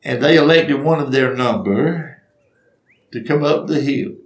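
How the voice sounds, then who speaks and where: A man's voice: medium pitch, unhurried, roomy sound. An older man telling funny personal stories in a folksy way, acting out the voices. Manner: folksy, acts out voices, laughs at his own stories. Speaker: storyteller. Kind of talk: humorous personal storytelling.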